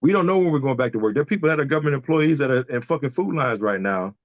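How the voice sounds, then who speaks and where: This podcast guest from Detroit, Michigan has a mid-range voice and talks in an animated, racing way during a casual video-call chat. Venting candidly, he swears a lot and repeats himself as he gets heated. The remote call audio is dull, with no room sound.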